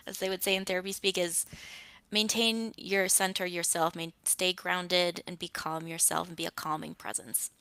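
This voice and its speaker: A young woman therapist talks as a guest in a podcast interview. Her voice is bright and forward, and she explains things in a calm, measured way. Her tone stays even and reassuring. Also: medium pitch, smooth, low-quality recording.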